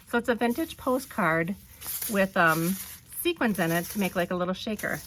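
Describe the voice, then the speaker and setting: A woman vlogger narrating an unboxing, gushing with delight and often pausing with ums. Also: medium pitch, animated, fairly bright tone, slight background noise. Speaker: crafting vlogger.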